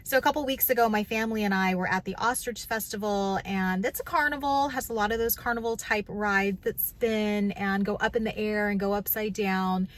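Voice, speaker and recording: A middle-aged woman hosting a casual vlog and telling a story from her own life to the camera in an animated, expressive way while sitting in a car. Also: mid-range voice, brisk, few pauses. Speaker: vlog host.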